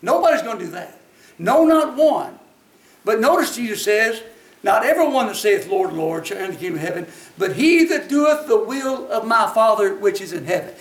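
A man with a high, expressive voice preaches a sermon at a normal speed, folksy and emphatic, rising to shouts when he acts out voices. He's heard from a distance in an echoey hall.

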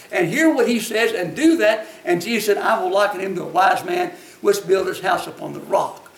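A man preaching a sermon in a folksy, emphatic way. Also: high-pitched. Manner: folksy, emphatic, rises to shouts when acting out voices. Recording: echoey hall, voice from a distance.

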